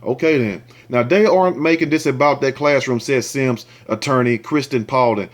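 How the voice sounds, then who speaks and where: An indignant man reads a news story aloud and keeps stopping to rant about it, swearing freely as he goes. He talks straight at his viewers in a voice of ordinary, middle pitch. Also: normal speed. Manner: talks straight to viewers, asks for likes and shares. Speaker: commentary show host. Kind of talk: reading a news story aloud with angry commentary.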